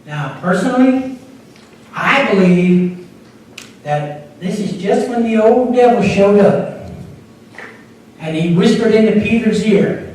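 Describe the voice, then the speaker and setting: A man's voice: extremely high pitch, lively intonation, measured pace, darkish tone, slight background noise. A man, an associate pastor, preaching a sermon in a conversational way, with small repeats and restarts. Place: church sanctuary. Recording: echoey room picked up from far off.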